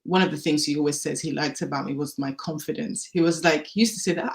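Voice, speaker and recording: A woman telling her personal story as a podcast guest, candid and animated, acting out the dialogue she recalls. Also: deep voice, quick pace, hardly any pauses. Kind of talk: personal testimony in a podcast interview.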